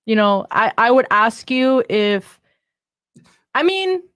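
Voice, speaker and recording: A woman's voice: a little high, sing-song, slow pace, a bit bright, clean tone, dry recording, studio quality. A woman co-hosting a casual podcast chat, talking freely with lots of "like" and "you know". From Miami area. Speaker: podcast co-host.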